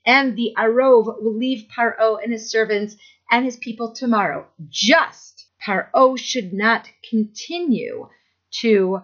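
A woman with a fairly high voice teaches a text lesson, reading each verse slowly before translating and explaining it. The recording sounds dull and lo-fi. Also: a bit bright. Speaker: Bible teacher. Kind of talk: text study lecture.

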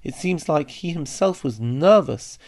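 A man giving a Bible study lesson, reading verses aloud and then translating and explaining them in a thoughtful way, with pauses and small restarts. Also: on the high side, expressive, darkish tone. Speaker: Bible teacher.

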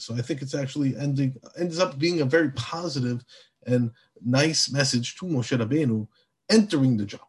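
Male Torah teacher, slightly high and husky, lively lecture delivery. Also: fairly quick. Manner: animated, acts out biblical dialogue.

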